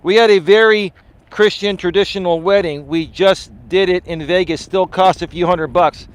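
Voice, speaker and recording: A man's voice: sits high, normal speed, smooth. A middle-aged man hosting a live coaching stream, chatting casually and telling rambling, profane stories. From Greek-American community. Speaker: life coach, live show host.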